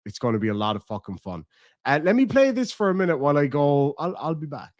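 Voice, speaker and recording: A man's voice: a little high, huge pitch swings, quick pace, no echo, studio quality. A man with an Irish accent chatting casually on a live stream, crude and joking. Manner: crude, joking, insults freely.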